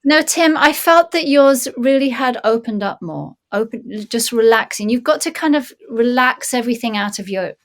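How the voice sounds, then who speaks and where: A woman's voice: on the high side, animated, normal speed, hardly any pauses. A woman giving blunt, instructive acting coaching over a video call, in a casual talk.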